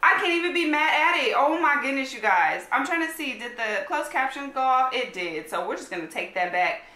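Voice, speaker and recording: Excitable high-voiced American woman vlogger. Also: fairly quick. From United States. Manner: excitable, gushing, slangy. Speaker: reaction video host. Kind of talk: casual reaction vlog chat. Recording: echoey room. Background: faint music playing.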